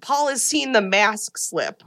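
Chatty woman with a higher voice. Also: takes it slowly. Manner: animated storytelling, full of filler words. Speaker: podcast host. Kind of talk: casual chat.

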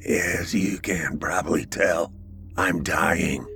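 A man voicing a frail, dying male inmate with a croaky voice, speaking slowly in a hushed near-whisper. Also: low voice, animated, background noise, heavily acted. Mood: strained, confessing.

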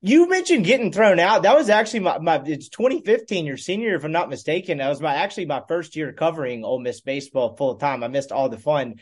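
Lively blunt sports podcast host. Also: male voice, fairly high pitch, fast talker, few pauses. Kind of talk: casual podcast chat.

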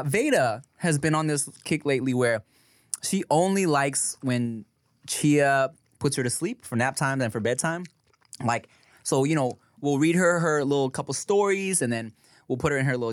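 A man in casual podcast chat. His pitch swings widely as he tells animated stories full of swearing and laughter. The recording is dry and close. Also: dry recording. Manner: animated storyteller, swears freely, laughs often. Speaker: podcast co-host.

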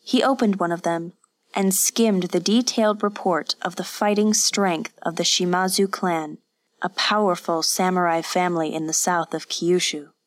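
Her voice on the low side, a woman narrates an audiobook script in a calm, even, measured way, recorded without echo.

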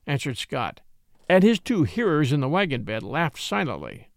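A man narrating an old-fashioned tale with an expressive storytelling delivery. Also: mid-range voice, moderate pace, dry recording, studio quality.

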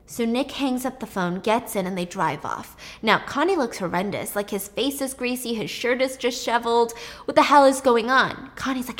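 Chatty woman telling a movie plot, kinda high pitched, says like a lot. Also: normal speed, hardly any pauses. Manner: animated, chatty, lots of "like". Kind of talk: casual storytelling retelling a film plot.

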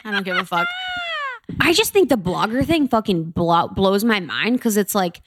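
A woman's voice: mid-range voice, big pitch swings, moderate pace, no echo, clean studio sound. Blunt, swearing woman podcast co-host. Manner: blunt, profane ranting. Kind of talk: casual chat.

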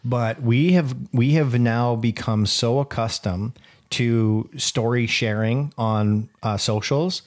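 A man's voice: mid-range voice, slow. A man co-host with a mid-range voice talks in an easy, casual way. He explains his points and repeats them for emphasis. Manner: relaxed, explains things, repeats himself for emphasis. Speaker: podcast co-host. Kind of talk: casual chat.

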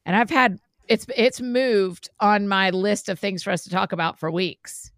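A woman's voice: medium pitch, measured pace, no echo, clean studio sound. A woman co-hosting a podcast in casual, enthusiastic chat. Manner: enthusiastic, laughs easily. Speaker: podcast co-host.

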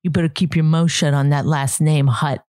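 A woman voicing a menacing, tattooed ex-con man with a lowered, mock-threatening delivery. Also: fairly even intonation, moderate pace, darkish tone, no echo, studio quality, natural voice.

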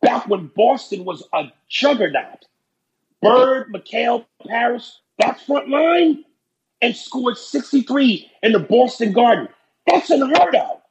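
A man's voice: very high voice, expressive, takes it slowly, dull audio. A man hosting a casual podcast, ranting brashly and profanely about sports and comedy. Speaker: podcast host.

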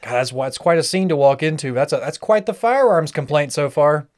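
Man, podcast co-host, fast talker, slightly high pitch, joking reactions. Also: lively intonation, a little mellow. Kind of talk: casual podcast chat.

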